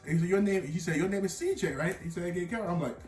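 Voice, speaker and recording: A man's voice: high-pitched, fast, recorded from a distance. Young man telling a story, echoey room. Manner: animated storytelling with slang and bursts of laughter. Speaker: vlogger. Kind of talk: storytime vlog.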